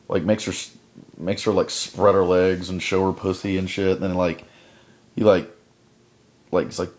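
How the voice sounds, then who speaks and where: Deep-voiced rambling young man vlogger. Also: fairly even intonation, normal speed, a little mellow. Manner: rambling, filler-heavy with constant 'like'. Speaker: vlogger reviewing a film. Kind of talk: casual chat. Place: home at night before bed.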